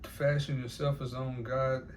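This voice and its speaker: A man with an ordinary middle-pitched voice rambles through a casual monologue. He swears freely and laughs to himself between repeated phrases. A faint hiss sits under the recording. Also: little pitch movement, moderate pace. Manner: profane, repetitive, laughing asides.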